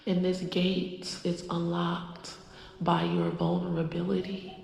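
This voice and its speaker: A woman in her forties channeling the goddess Isis in a slow, solemn, drawn-out voice. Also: lowish voice, gravelly, darkish tone. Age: 40s. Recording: echoey room, long reverb, faint music.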